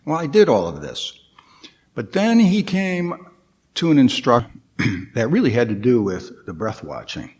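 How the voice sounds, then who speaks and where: A man giving a guest dharma talk at a temple, hesitant, with frequent pauses and restarts. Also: medium pitch, very animated, darkish tone.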